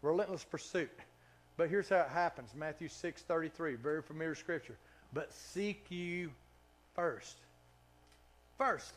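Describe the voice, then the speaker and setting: A pastor with a Southern Kentucky accent preaching a sermon, swinging from loud emphatic preaching to soft, intimate near-whispers, with chuckles between phrases. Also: male voice, fairly high pitch. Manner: laughs between phrases and drawls stretched key words.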